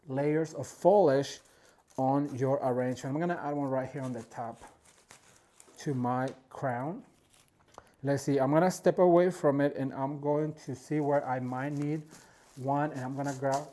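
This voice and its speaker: Chatty man teaching floral design, mellow tone. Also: mid-range voice. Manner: chatty and enthusiastic, addresses viewers as "you guys". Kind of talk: casual step-by-step tutorial.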